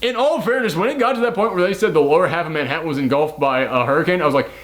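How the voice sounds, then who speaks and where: A man's voice: a little high, very fast, fairly bright tone. A man co-hosting a movie review podcast in casual, joking chat, swearing freely.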